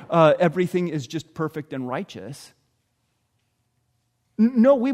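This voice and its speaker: A man with a high, light voice preaches a sermon in a church. He stays earnest and conversational and sometimes slips into the voices of ordinary people. A long reverb hangs behind each phrase. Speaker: pastor. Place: church sanctuary.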